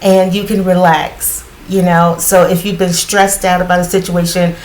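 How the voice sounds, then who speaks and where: Low-voiced woman with a groggy morning voice. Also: level tone, moderate pace, poor audio. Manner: reassuring, rambling with many fillers. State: groggy morning voice, clearing her throat. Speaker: tarot card reader. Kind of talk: casual spiritual card reading.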